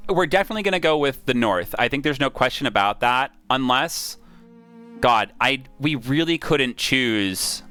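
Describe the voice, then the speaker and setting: A man streaming a strategy game, excitedly thinking aloud, reading the story out and swearing casually. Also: medium pitch, moderate pace, clear, resonant tone, soft background music. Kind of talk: live-streamed game play with narration.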